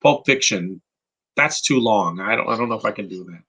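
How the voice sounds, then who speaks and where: A man's voice: on the low side, animated, brisk, bright, forceful tone, slightly rough, low-quality recording. A man from New York hosting a live movie commentary podcast, giving rambling, opinionated takes and answering chat questions. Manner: opinionated and rambling, with frequent restarts. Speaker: podcast host.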